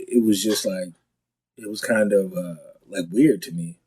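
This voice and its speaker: Man, comedian guest, husky low voice, chatty podcast talk, acts out quotes. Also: rough recording. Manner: animated storyteller, quick restarts, acts out quotes. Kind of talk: casual podcast conversation.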